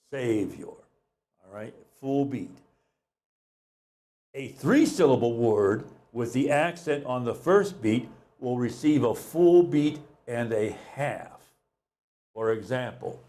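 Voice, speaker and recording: A man's voice: mid-range voice, warm tone. A man teaching a recorded music lesson, explaining patiently, repeating key points and counting beats aloud.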